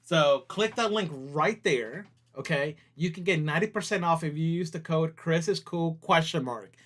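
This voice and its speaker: A man's voice: on the high side, normal speed, a bit bright. A man running a company livestream in casual chat, laughing easily and talking to viewers as he works on screen. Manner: chatty, laughs easily, talks to viewers while working on screen. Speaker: company CEO hosting a livestream.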